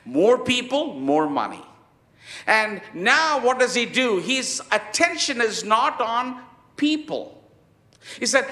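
A man preaching a sermon in an emphatic way, with many pauses and fillers. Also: very high-pitched, very animated, bright, forceful tone, echoey room. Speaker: pastor.

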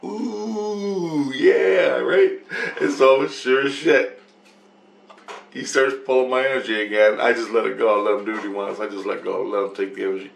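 Man, lowish voice, rambling first-person account, profane, circles back on the same phrases. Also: fairly even intonation, brisk, gravelly, slight background noise.

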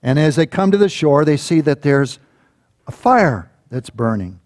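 A man preaching a sermon as a church pastor, telling a Bible story with lively acted-out voices. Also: fairly high pitch, unhurried, dry recording, clean studio sound. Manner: animated storytelling, acting out quoted voices.

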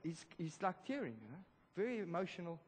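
A man preaching a sermon, telling a story in a lively, casual way with slang. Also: sits high, a little fast, slightly rough. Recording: reverberant church hall.

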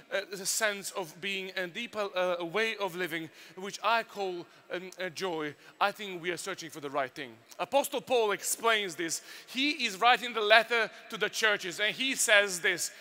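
Serbian guy speaking at a youth workshop, animated storytelling w sound effects, really bright tone. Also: sits high.

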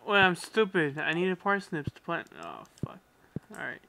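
A man's voice: high voice, very animated, normal speed, creaky, pushed and bright. A young man playing a farming game with a friend, laid-back and teasing. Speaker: co-op gamer. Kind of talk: casual let's-play banter.

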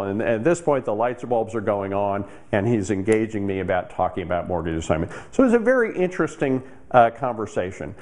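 A man's voice: lowish voice, darkish tone. A man, a real estate investor, telling a casual story to camera with frequent fillers.

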